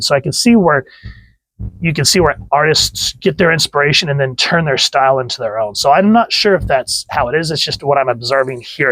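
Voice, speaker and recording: A man's voice: mid-range voice, fairly bright tone, no echo, low-quality recording. A man reviewing a comic book in a casual, chatty way, often restarting his phrases. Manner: chatty, restarts phrases, reads panels aloud.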